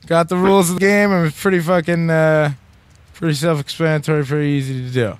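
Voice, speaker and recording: A man hosting an uncensored radio show, joking and asking silly questions in a deadpan, profane way. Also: on the high side, quick pace, clean tone. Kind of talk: casual joking banter.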